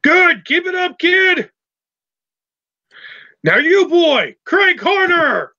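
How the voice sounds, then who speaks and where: A man's voice: sits high, moderate pace, a bit bright, pitched above the performer's own voice. A man voicing a bossy male townsman who calls the heroes boy and kid. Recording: dull lo-fi recording.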